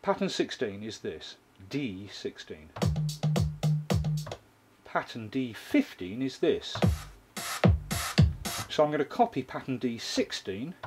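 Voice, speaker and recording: A man's voice: mid-range voice, big pitch swings, slow pace, long pauses, loud music behind the voice. Man demonstrating a drum machine step by step. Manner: explains step by step while playing a drum machine. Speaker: music gear reviewer. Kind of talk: hands-on tutorial demonstration.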